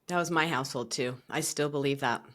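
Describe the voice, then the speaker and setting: Woman podcast host, low voice, agreeable interjections and questions. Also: brisk, fairly bright tone. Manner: agreeable, short affirmations and questions.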